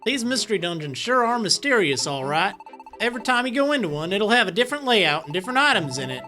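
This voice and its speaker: A woman's voice: medium pitch, big pitch swings, fast talker, bright, forceful tone, soft background music. A woman voicing a folksy, country-talking male leaf creature who acts as a helpful guide in a game, with a drawling, homespun manner. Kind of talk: reading game dialogue aloud.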